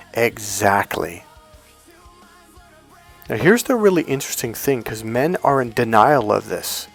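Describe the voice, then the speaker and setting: A middle-aged man coaching men on dating, talking bluntly with plenty of swearing and acting out the voices of the people he quotes. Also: mid-range voice. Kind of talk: direct-to-camera coaching talk.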